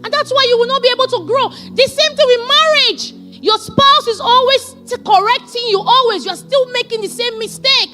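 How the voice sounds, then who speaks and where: A woman pastor preaching a sermon, animated and emphatic as she tells stories. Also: very high-pitched, normal speed, few pauses, over music.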